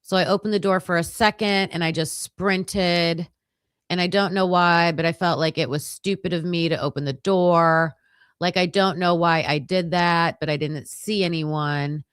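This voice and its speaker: A woman's voice: fairly low pitch, fairly even intonation, normal speed, clean tone, no echo, clean studio sound. A woman hosting a casual true-crime livestream, reading case documents aloud and thinking aloud as she skims pages, with hesitant restarts.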